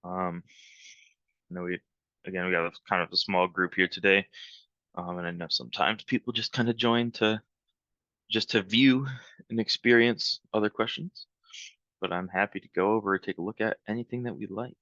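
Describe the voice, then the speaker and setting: A low-voiced man runs a live software training session and talks loosely through it, filling gaps with ums. His tone is bright and forward, and the sound is dry and a bit dull, like online meeting audio. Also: moderate pace, pauses often, no room sound. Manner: relaxed, rambling, many ums. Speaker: webinar trainer.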